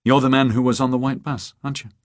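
A man reading the lines of a composed young woman who speaks calmly and steadily, in an audiobook. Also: medium pitch, quick pace, no echo, clean studio sound, voice pushed up, lightly acted.

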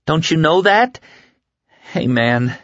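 A man voicing a young adult man who is desperate and near tears, in a high, strained, pleading voice. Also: expressive, slow pace, a bit bright, dry recording. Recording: dull lo-fi dry recording.

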